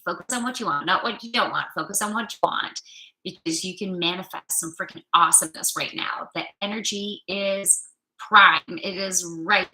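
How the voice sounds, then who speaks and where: A woman's voice: medium pitch, sharp tone, reverberant, rough recording. A woman giving a chatty, upbeat weekly card reading, talking loosely and playfully. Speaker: spiritual card reader.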